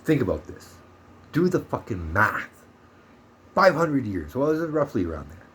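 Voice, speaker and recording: A man's voice: medium pitch, very animated, moderate pace, a bit bright, slight background noise. A man from Canada ranting heatedly in a monologue vlog, swearing often and turning sarcastic. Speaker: vlogger.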